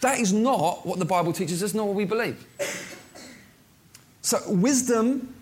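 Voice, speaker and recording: Pastor, man, high voice, loose chatty sermon delivery with ums and restarts. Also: measured pace, slight background noise. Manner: conversational preaching with frequent fillers and restarts.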